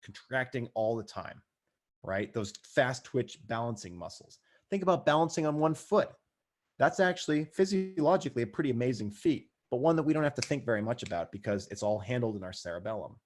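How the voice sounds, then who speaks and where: A man's voice: mid-range voice, lively intonation, fairly quick, darkish tone. A man teaching as a paramedic instructor in a recorded lecture, speaking conversationally with dry asides and frequent check-ins.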